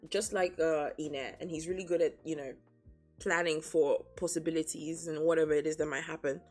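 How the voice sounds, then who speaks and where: Young woman streamer, low voice, chatty casual reading with laughing asides, close sensitive mic, faint background music. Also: steady tone, brisk, darkish tone. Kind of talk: reading a novel aloud with casual commentary. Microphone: sensitive desk mic.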